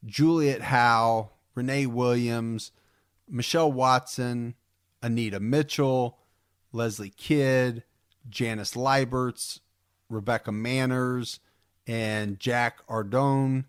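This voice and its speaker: A man's voice: mid-range voice, fairly even intonation, slow, smooth, no echo, clean studio sound. A man co-hosting a podcast in casual chat, rambling and repeating words with enthusiasm. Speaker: podcast co-host.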